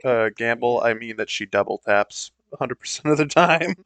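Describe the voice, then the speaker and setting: A man's voice: mid-range voice, big pitch swings, measured pace, fairly bright tone, dry recording. A man chatting casually with friends while gaming, joking and laughing often. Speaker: player.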